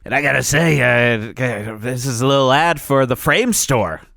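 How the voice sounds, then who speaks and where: Gravelly, dry-voiced radio co-host. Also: male voice, medium pitch, expressive, moderate pace, pushed and bright, no echo. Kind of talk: comedic morning radio banter.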